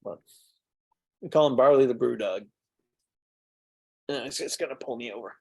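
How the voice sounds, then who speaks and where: A man's voice: medium pitch, moderate pace, gravelly, husky. A middle-aged man, a mead maker, telling rambling anecdotes in a casual way at a tasting. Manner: rambling anecdotes with fillers and restarts. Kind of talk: casual storytelling during a tasting.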